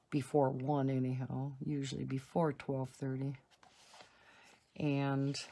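At home, a woman with a low, warm voice colors on her coloring channel. She chats casually and wanders off into asides as she works through a color-along.

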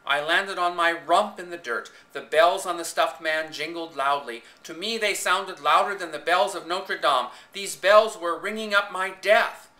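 A man's voice: sits high, measured pace, few pauses, bright, forceful tone. A man reading a story aloud in the first person with dramatic expression, recorded on a home camcorder in an echoey room. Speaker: reader.

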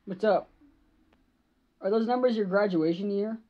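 A woman's voice: mid-range voice, a little slow. A woman gamer giving live gaming commentary, jumpy, swearing and shrieking at scares, on a slightly dull lo-fi mic.

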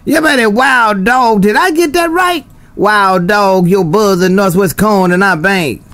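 A man with a fairly high voice talks over a CB radio. He is folksy and repetitive, calls the other driver by his handle again and again, and lets his sign-offs sink low and quiet. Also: unhurried, slight background noise. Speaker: CB radio operator. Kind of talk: CB radio chatter.

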